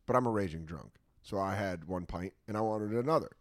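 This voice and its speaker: Animated American man telling stories. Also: low-pitched, fairly quick, dry recording, clean studio sound. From United States. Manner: animated storyteller, swears freely. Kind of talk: casual chat.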